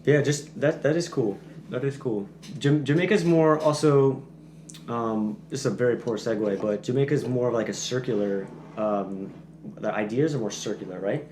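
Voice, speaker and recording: A man talks through a long explanation in casual podcast chat, full of fillers and restarts. His voice sits in a middle pitch and is recorded in an echoey room. There is faint background noise under it. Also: normal speed, darkish tone. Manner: chatty, explains at length with many fillers and restarts. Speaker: podcast guest back from Peace Corps service.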